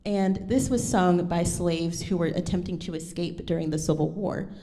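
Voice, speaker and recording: A woman presents a lecture recital with a mellow, slightly low voice. She talks in a thoughtful way, pausing on ums and correcting herself. Her voice carries a long reverb from the hall. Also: steady tone. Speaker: pianist giving a lecture recital.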